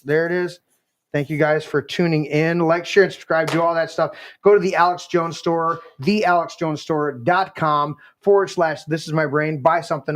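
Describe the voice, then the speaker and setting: A male podcast host giving an impassioned, preachy rant on a live show. He swears freely and acts out quoted voices. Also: fairly high pitch.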